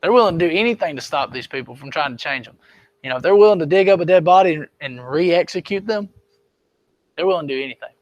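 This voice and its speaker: A man's voice: on the high side, animated, quick pace, dry recording, highs cut off. A man teaching a history lesson to his class in a classroom, talking in a loose, conversational way and often checking whether students are keeping up. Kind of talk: classroom lecture.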